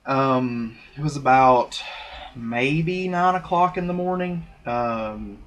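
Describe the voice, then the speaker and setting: A man's voice: mid-range voice, slow, a bit bright. A young man recording himself on a laptop webcam, telling a personal story in a rambling, candid way full of fillers and restarts. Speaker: vlogger. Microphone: laptop webcam mic.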